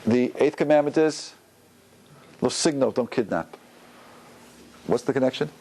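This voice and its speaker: Man, rabbi, informal Torah class, chatty, lots of fillers, mid-pitched voice. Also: animated, unhurried, warm tone, slight background noise, rough recording. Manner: conversational, loose with fillers, acts out quotes with a rising voice.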